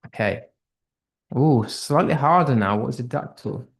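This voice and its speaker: A man's voice: medium pitch, lively intonation, normal speed, vocal fry. A man with a British accent teaching an online English class, upbeat and thinking aloud as he reads out quiz answers. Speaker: English tutor.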